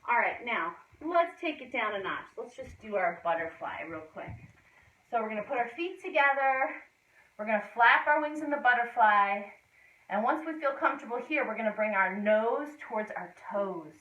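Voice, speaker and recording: A woman's voice: on the high side, expressive, moderate pace, sharp tone, recorded from a distance, dull audio. Upbeat woman coaching kids in an echoey gym. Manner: encouraging, upbeat, sing-song cues to children. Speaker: gymnastics instructor. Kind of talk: demonstrating a kids' gymnastics class. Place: indoor gym.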